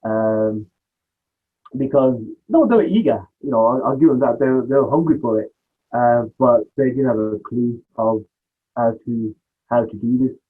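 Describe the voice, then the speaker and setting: A man's voice: medium pitch, moderate pace, slightly rough. A man, a podcast guest telling stories casually, rambling and acting out the dialogue he quotes. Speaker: podcast guest, music producer. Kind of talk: casual storytelling interview. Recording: tinny phone-like line.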